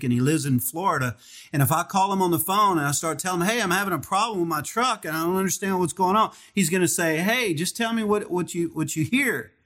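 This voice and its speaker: Preacher guy giving a sermon, kinda high voice, acts out the stories. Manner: animated storytelling, acts out dialogue in a higher voice. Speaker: pastor.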